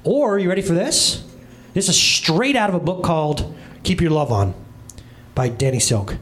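A man in his thirties preaches from a church stage with a high, bright-sounding voice. His pitch leaps and swoops as he tells stories, dropping into comic voices and quick asides. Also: animated. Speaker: pastor. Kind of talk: humorous sermon.

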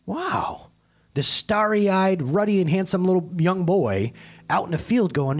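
A man with a slightly husky, fairly high voice preaches a sermon in a loose, joking, conversational way. His pitch swings widely, from bright peaks down to sudden hushed drops. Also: animated, a little slow. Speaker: pastor.

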